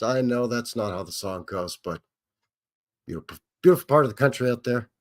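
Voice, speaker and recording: Talking a little fast, this middle-aged host from Canada rambles through casual live commentary over old footage. His pitch rises and falls dramatically, and he keeps it chatty and unscripted, calling out chat viewers by name as he goes.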